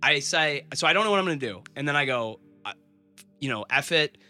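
A man, a stand-up comedian, chatting as a podcast guest with animated, laughing storytelling. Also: fairly high pitch, fairly quick, faint music behind. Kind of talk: casual interview chat.

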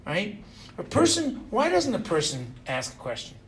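A middle-aged man teaching an informal religious lesson to students. He is animated, keeps quizzing the class and tags his points with "right?". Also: sits high, normal speed, slight background noise.

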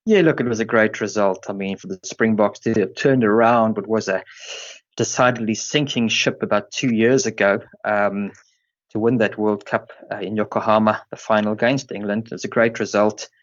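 A man's voice: on the low side, steady tone, moderate pace, lo-fi sound. A man, a sports journalist guest, talking in an easygoing, informative way in casual chat. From South Africa. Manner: easygoing, informative, often opens with "look".

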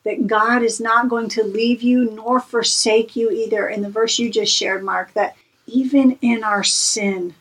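A woman's voice: fairly high pitch, fairly even intonation, measured pace, a bit bright, far from the mic, poor audio. A woman co-hosts a devotional podcast and talks in an earnest, preacherly way, leaning on repeated phrases for emphasis. Her voice sits a little back from the mic. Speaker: podcast co-host. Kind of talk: encouraging devotional talk.

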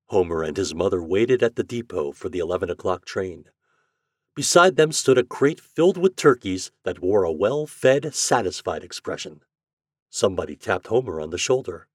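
A man narrating an old holiday story aloud in an expressive, lively manner. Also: deep voice, moderate pace, dry recording, studio quality. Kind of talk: storybook reading.

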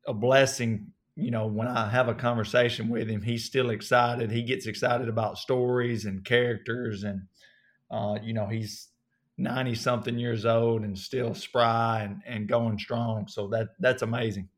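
A man in his thirties from North Alabama with a strong Southern accent, a guest telling relaxed, folksy stories in an interview. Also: mid-range voice, moderate pace. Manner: relaxed, folksy storytelling with many fillers. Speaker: actor guest. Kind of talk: casual interview.

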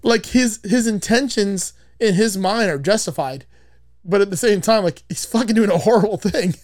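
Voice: medium pitch, normal speed, darkish tone, no room sound, studio quality. A podcast host casually retelling a movie's plot, rambling with frequent swearing.

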